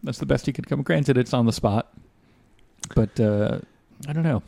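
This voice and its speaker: A man's voice: mid-range voice, moderate pace, gravelly, warm tone. A man hosting a podcast, chatting casually with frequent fillers and restarts. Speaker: podcast host.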